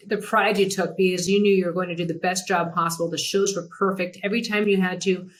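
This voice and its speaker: Animated woman telling stories. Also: fast talker. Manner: animated, mimics others in a higher pitch. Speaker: podcast host. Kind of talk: casual storytelling chat.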